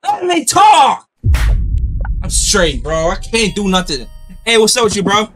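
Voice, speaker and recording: Very high-voiced shouty man. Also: moderate pace, slight background noise. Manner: shouty, excitable, slangy, lots of "bro". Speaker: gaming video creator. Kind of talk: loud comedic game voice chat. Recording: music playing loudly under the voice.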